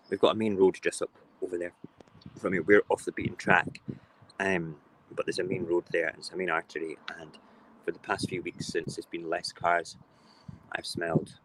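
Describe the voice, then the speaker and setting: A man's voice: deep voice, a bit bright, poor audio. A man hosting a casual morning live stream from his home kitchen on his phone, talking in a chatty, rambling, playful way.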